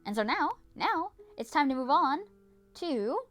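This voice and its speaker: A woman's voice: high-pitched, lively intonation, measured pace, a bit bright, faint music behind. A young woman narrating her vlog in a casual, dramatic way, swearing and repeating herself often. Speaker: vlogger.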